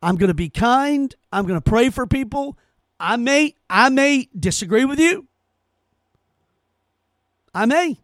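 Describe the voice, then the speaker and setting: A man's voice: extremely high pitch, expressive, measured pace, pauses often, fairly bright tone, no echo. A man hosting his own podcast, giving indignant, sarcastic solo commentary and repeating phrases for emphasis. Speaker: podcast host.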